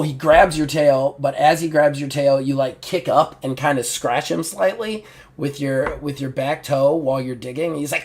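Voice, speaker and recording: A man's voice: on the high side, normal speed, darkish tone, a little hiss or hum. Casual male game master narrating. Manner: casual, rambling, lots of "like".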